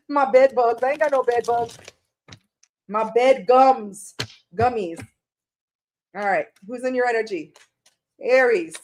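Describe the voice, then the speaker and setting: A woman reading tarot on a casual live stream, chatty and rambling, greeting viewers by name and laughing at her own slips. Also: a little high.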